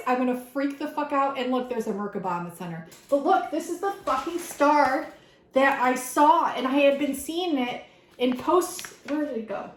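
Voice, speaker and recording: A woman doing a casual tarot reading for her viewers, excitable and swearing freely as she talks straight to the camera. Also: sits high, normal speed, roomy sound, poor audio. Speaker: tarot reader. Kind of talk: casual spiritual reading vlog.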